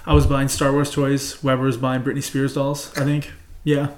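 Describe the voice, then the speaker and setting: A man's voice: medium pitch, monotone, moderate pace. A man from Canada with a Canadian accent, a podcast co-host telling a rambling, profane story in casual chat. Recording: roomy echo.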